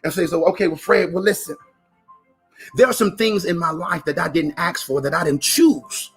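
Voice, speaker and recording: A man giving an emphatic motivational talk, repeating phrases and sometimes rising to a shout. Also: a little high, normal speed, husky, soft background music. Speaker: motivational speaker.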